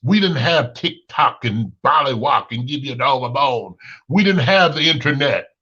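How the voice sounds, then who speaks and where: A man's voice: medium pitch, expressive, moderate pace, bright, forceful tone, breathy edge. A man in his thirties with a Chicago accent hosts a casual opinion monologue, preaching and repeating himself for emphasis. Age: 30s. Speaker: host. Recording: lo-fi muffled recording.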